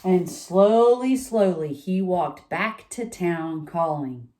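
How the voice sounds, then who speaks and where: A woman's voice: lowish voice, lively intonation, takes it slowly, few pauses, dark tone. A woman reading a picture book aloud to children, with chatty asides to her young listeners. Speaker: storytime reader.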